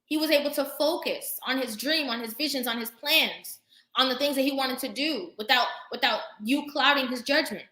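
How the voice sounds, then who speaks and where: A woman's voice: sits high, bright, forceful tone. Preachy woman streaming live in an echoey room. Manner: preachy and emphatic, pausing to thank viewers for comments. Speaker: vlogger hosting a live stream. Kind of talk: impassioned live-stream talk. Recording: roomy echo.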